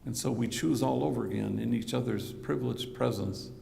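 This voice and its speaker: A priest giving a conversational keynote speech, telling stories in an anecdotal manner with a bit of slang. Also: male voice, medium pitch, a little fast, gravelly, warm tone, slight background noise. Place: conference hall. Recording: reverberant hall recording.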